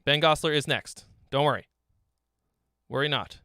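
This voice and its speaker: Man, stream host, song critique, teasing, profane jokes, bright voice, dry close mic. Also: fairly high pitch, moderate pace, clean tone, no room sound.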